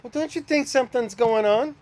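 A preacher doing a high, put-upon talking donkey. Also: male voice, brisk, a little mellow. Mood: urging. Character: talking donkey, indignant and reasonable.

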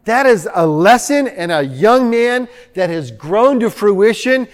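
A man's voice: high voice, expressive, a little slow. A man preaching a sermon as pastor, chatty and joking, reading passages aloud. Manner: conversational and joking, reads quotes aloud. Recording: long hall reverb.

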